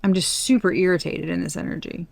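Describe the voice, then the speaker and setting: A woman's voice: lowish voice, fairly even intonation, fast, vocal fry, no room sound. A woman giving a casual collective tarot reading, talking bluntly with exasperated asides and frequent swearing. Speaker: tarot reader.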